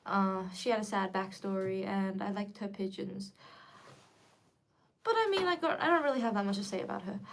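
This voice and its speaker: A young woman chatting casually to viewers on a livestream, lively and quick to react. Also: on the high side. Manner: chatty and animated, switching between English and Korean. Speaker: livestream host.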